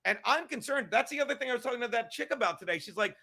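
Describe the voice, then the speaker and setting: High, sharp-voiced man ranting. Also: animated, very fast, gravelly, hardly any pauses. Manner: angry, swearing constantly, emphatic repetition. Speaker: podcast host. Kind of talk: profane live-stream rant.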